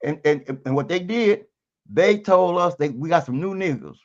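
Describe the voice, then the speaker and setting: A man's voice: high-pitched, lively intonation, normal speed, a little mellow, highs cut off. A man speaking as a guest on a panel, a little out of breath, with a folksy, preachy way of telling things. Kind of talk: casual panel talk.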